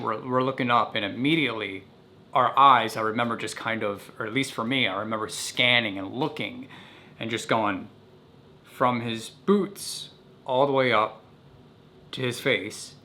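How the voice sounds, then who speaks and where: A man casually recounting a childhood story in an animated, vivid way. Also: mid-range voice.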